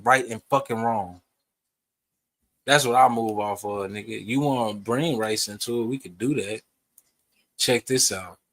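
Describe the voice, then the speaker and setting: Young male streamer, bright and forceful tone, confrontational and profane reaction rant. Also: mid-range voice. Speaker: streamer reacting to a debate clip.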